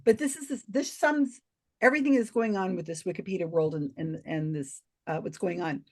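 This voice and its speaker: A woman appearing as a guest on a podcast recounts a story in a lively, expressive way. Quick restarts and asides pepper her speech, and she varies her pitch dramatically when relaying others' words during the casual interview.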